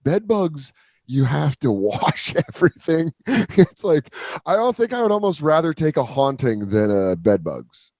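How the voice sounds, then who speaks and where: A man from Colorado chatting as a podcast guest, his pitch swinging widely as he tells a story. His tone is mellow and dark, and the sound is dry and close. He tells each story with animated, playful energy. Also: measured pace, no echo. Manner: animated storyteller who jumps into high-pitched impressions. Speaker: guest comedian. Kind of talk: casual podcast chat.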